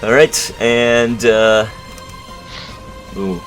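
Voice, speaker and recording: A man with a very low voice runs a tabletop game as game master. He talks casually, stops to explain rules and fills gaps with ums and uhs. Faint music plays behind him. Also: level tone, very slow.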